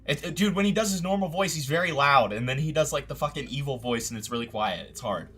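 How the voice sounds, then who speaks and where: A male host in casual commentary chat, stammering and exasperated as he works through his points. His voice is bright and forceful. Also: a little high, fast, breathy edge.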